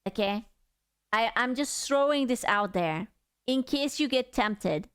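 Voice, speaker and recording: A woman's voice: a little high, animated, unhurried, clear, resonant tone. A woman streamer giving casual, playful, teasing reaction commentary full of slang. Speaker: VTuber streamer reacting to videos.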